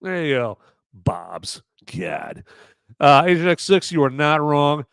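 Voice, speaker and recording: A man hosting a live podcast, chatting in a rambling, jokey way with sudden loud, shouty bursts. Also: a little high, sing-song, slow pace, gravelly, clear, resonant tone, dry recording, clean studio sound. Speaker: podcast host. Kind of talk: live-stream movie review chat.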